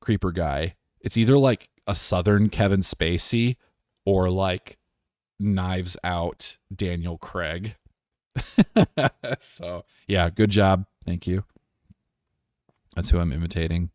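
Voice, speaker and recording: A man's voice: low voice, fairly even intonation, takes it slowly, a little mellow, no room sound, clean studio sound. A man streaming a game live, joking in laid-back asides and explaining the voices he does. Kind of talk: live gameplay commentary with character voices.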